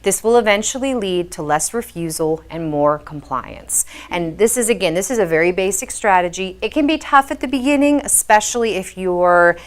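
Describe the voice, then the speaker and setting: A woman's voice: mid-range voice, lively intonation, moderate pace, few pauses. A woman behavior specialist giving a patient, explanatory talk to parents, with frequent fillers as she explains.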